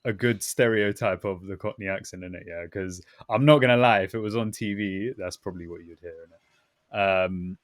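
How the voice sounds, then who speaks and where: A man with a London accent co-hosts a relaxed podcast, using easy street slang. His voice sits low. The sound is dry and close. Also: a little fast, hardly any pauses, no echo. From United Kingdom. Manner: relaxed, slangy, drops "innit" and "bruv". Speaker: podcast co-host. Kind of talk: casual podcast chat.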